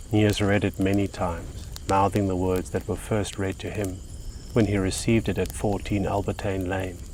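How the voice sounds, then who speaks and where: Low, hushed male storyteller. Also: slight background noise. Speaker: author reading his novel. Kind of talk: audiobook narration. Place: outdoors on location.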